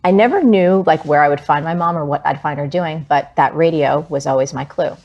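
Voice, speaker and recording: A woman in her forties from New Jersey, telling a personal story as an interview guest, animated and vivid with many "like"s. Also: low-pitched, fairly quick, dull audio.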